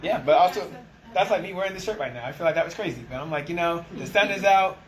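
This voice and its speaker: Animated man telling work stories. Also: high voice, quick pace, a little hiss or hum, low-quality recording. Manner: animated storyteller, acts out quoted exchanges. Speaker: restaurant team leader. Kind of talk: casual conversation.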